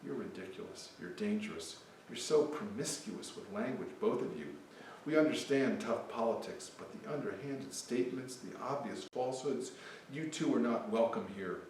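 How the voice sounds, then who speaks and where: Man reading a stern, indignant Dutch figure, mid-pitched, very echoey and distant. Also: expressive, moderate pace, few pauses, darkish tone, a little hiss or hum, close to an everyday voice. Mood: scolding. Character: indignant Dutch citizen berating liars. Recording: echoey hall, mic from afar.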